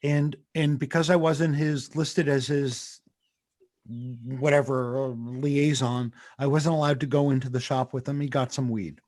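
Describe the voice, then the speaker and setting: A middle-aged man co-hosting a comedy talk show over a video call, telling stories in a teasing, deadpan way. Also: mid-range voice, unhurried. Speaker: podcast co-host. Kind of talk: casual chat on a video call.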